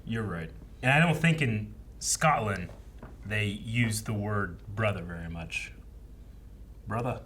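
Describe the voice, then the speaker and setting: Co-hosting a reaction show, this young man chats casually and thinks out loud with lots of filler words. He has a lowish, slightly bright voice, animated but slow-paced, and faint noise sits in the background.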